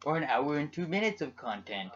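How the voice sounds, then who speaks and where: A man co-hosting a podcast, chatting casually with teasing, deadpan absurd jokes. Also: a little high, a little fast, slightly rough. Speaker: podcast co-host. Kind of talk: casual joking chat. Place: home room at a computer. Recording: dull lo-fi home computer mic.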